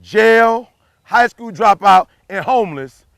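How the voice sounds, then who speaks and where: High gravelly guy preaching motivation at you, repeats stuff for emphasis, super dry close sound. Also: expressive, slow, a bit bright, no room sound. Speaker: motivational speaker. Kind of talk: motivational speech.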